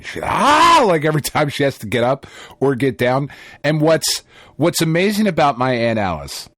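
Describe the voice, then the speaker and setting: A man's voice: mid-range voice, dry recording. A man, co-hosting a podcast, telling a story in casual chat with lots of swearing and laughter. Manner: profane, animated storytelling with laughter. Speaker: podcast co-host.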